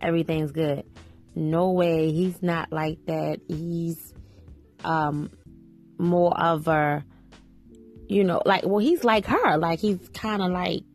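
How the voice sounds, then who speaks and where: A woman podcast host talks through a reality show episode in a loose, rambling way, leaning on "you know" again and again. Her voice sits low with a gravelly fry. Faint music plays under her. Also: slow pace. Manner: chatty, many "you know" fillers. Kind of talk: casual commentary on a reality show.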